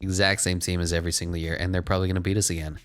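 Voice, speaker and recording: A man giving casual, sarcastic running commentary while playing a video game, swinging between mocking asides and excited play-by-play. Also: low-pitched, racing, smooth.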